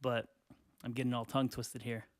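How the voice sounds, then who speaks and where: A man hosting a casual solo podcast, rambling crudely through online comments, laughing often and clearing his throat. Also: medium pitch, little pitch movement, brisk, dry recording, clean studio sound. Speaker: podcast host. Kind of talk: casual solo podcast reading tweets aloud.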